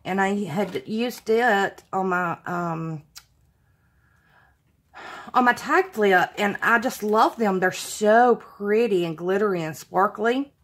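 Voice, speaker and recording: A woman's voice: on the low side, vocal fry. A woman hosting a casual craft unboxing vlog, gushing and exclaiming over everything she opens. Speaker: craft channel host.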